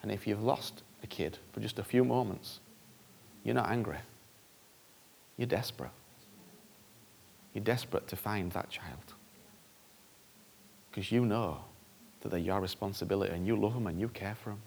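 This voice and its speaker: A man's voice: fairly low pitch, moderate pace, vocal fry, long pauses, darkish tone. A male preacher giving an earnest, conversational sermon that often repeats phrases for emphasis.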